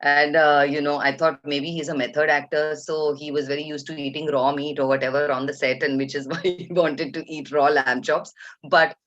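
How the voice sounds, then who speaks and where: A woman's voice: sits low, normal speed. Indian English woman in her fifties, vivid storyteller, dull lo-fi webinar sound. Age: 50s. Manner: lively storyteller, acts out quotes, laughs often. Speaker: guest speaker. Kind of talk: animated anecdote telling.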